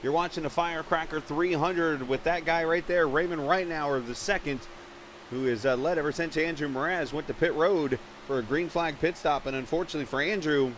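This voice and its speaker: A man commentating a virtual stock car race live, chatting with viewers and getting excited when cars run into trouble on pit road. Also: a little high, fairly quick, a little hiss or hum. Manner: chatty, reads viewer chat, gets excited at incidents.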